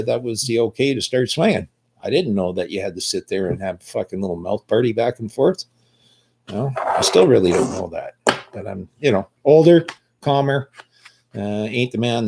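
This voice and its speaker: A man's voice: fairly low pitch, brisk, vocal fry, darkish tone, breathy edge. A man in his sixties from Canada, talking bluntly and profanely in a rambling casual monologue.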